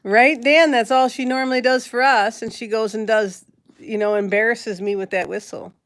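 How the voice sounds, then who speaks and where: A woman's voice: fairly high pitch, steady tone, normal speed, no echo. A woman hosting a casual live stream from home, rambling through a story, laughing often and greeting her viewers. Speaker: host of a pet channel live stream.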